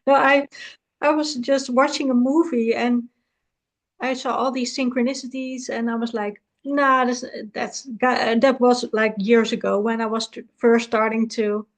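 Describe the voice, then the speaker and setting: A woman hosting a casual interview, chatty and giggly, with quick affirmations. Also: fairly high pitch, little pitch movement. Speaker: host.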